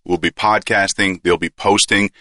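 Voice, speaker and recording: Low bright canadian guy hosting a podcast, jokey, dry close sound. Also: steady tone, moderate pace, no room sound. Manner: joking, ribbing the guest. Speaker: podcast host. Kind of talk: casual podcast chat.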